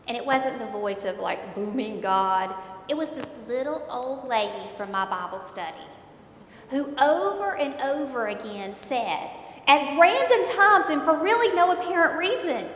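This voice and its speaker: A woman giving an earnest faith testimony, retelling events and repeating herself as she speaks. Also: a bit bright. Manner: earnest, repeats words while recounting, voice rises in dismay. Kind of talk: emotional faith testimony storytelling. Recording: echoey hall, faint rumble.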